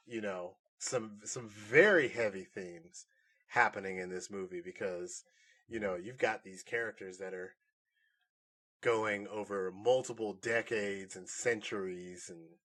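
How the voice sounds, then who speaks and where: A man co-hosting a podcast, chatting casually through a movie review in a rambling, animated way and laughing often. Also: fairly low pitch, measured pace. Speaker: podcast co-host.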